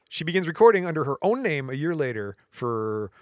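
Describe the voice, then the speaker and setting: A man's voice: a little high, sing-song, brisk, darkish tone, no echo, studio quality. A man co-hosting a podcast, casually walking through history notes with jokes and stumbles over words. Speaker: podcast co-host.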